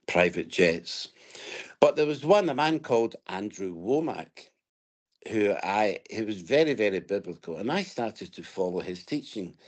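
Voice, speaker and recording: Scottish male guest, low-pitched, reflective storyteller, casual interview talk. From Scotland. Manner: reflective, storytelling, hesitant restarts.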